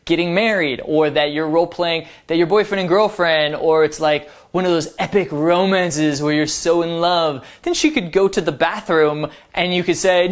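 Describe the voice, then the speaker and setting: A man's voice: on the high side, moderate pace, few pauses. A man giving dating advice as a coach, explaining in a playful, upbeat way. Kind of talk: instructional talk to camera.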